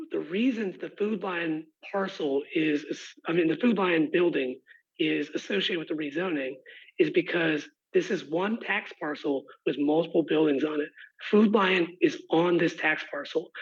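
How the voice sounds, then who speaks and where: A man who has lost his voice, answering residents' questions at a meeting in a halting, apologetic way with many restarts. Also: fairly high pitch, slightly rough. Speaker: rezoning applicant's representative. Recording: muffled lo-fi online call audio.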